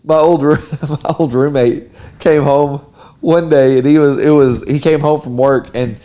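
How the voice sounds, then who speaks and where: A man's voice: fairly high pitch, a little slow. A man, co-hosting a podcast and telling a story in casual chat, acting out the voices of the people in it. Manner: animated, mimics voices in stories. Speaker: podcast co-host.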